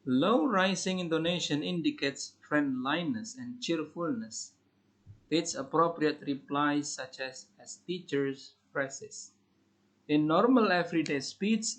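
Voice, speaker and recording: A man with an Indonesian accent reading classroom English phrases aloud in a slow, deliberate lesson style. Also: fairly high pitch, fairly bright tone. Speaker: English teacher.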